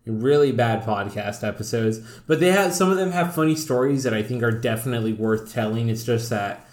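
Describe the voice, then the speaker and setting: A man with a South Texas accent hosts a loose podcast chat. He speaks at an ordinary pitch, swears without a second thought and is quick to make fun of himself. The room around him has a noticeable echo. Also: lively intonation. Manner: profane, blunt and self-mocking. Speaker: podcast host.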